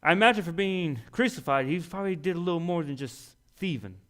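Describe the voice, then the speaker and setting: A young man preaching at a church service, talking in a folksy, self-deprecating way. His voice sits a little high for a man, and he builds to loud, emphatic peaks before dropping back to quiet confession. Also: animated, brisk. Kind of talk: sermon.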